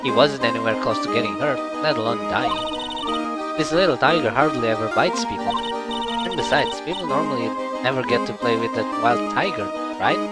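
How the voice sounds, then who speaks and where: Brief: breezy teasing circus tamer lady, read by a male streamer, game music loud behind. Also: medium pitch, animated, a little fast, natural voice. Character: cheerful carefree woman animal tamer.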